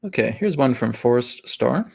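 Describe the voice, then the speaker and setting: A man hosting a live spiritual talk and Q&A in a casual, animated way, often checking in with "right?" and acting out voices. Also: mid-range voice, normal speed, creaky, slightly rough. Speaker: host and spiritual teacher.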